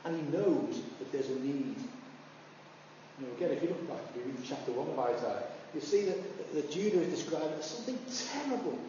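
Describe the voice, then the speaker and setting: A man preaching, his voice mellow and pitched high. He sounds far off in a large, echoing church hall, with a dull recording and faint ambience behind him. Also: brisk, slight background noise. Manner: animated storytelling, rising high when acting out voices. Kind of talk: sermon.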